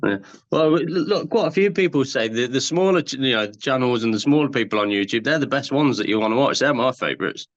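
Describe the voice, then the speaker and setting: A man, speaking at an ordinary mid pitch, joins a chat show as a guest. He chats in a friendly, agreeable way and sometimes hesitates. His voice comes through dull and lo-fi, like online call audio. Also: fast talker, few pauses. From England, Leicester. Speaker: guest, viewer of the channel. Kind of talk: casual chat.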